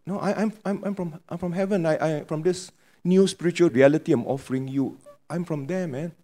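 A man's voice: a little high, a little fast, mellow, voice pushed up, close to an everyday voice. A man voicing an earnest divine figure who insists, repeating himself, that he comes from heaven, with a Penang accent. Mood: insistent. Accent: Penang English.

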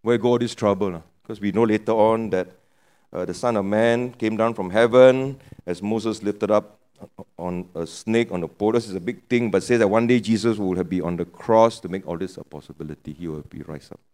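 A man's voice: on the low side, a little fast, darkish tone. A man from Penang preaching a sermon in a Penang English accent, chatty, with joking asides and local particles. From Penang, Malaysia.

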